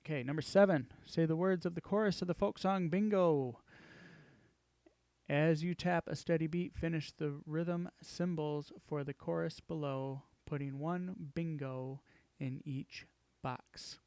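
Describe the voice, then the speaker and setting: A man's voice: fairly high pitch, steady tone, a little slow, darkish tone, clear, resonant tone, dry recording. A male music teacher reading worksheet instructions aloud and counting beats as he walks through the exercises.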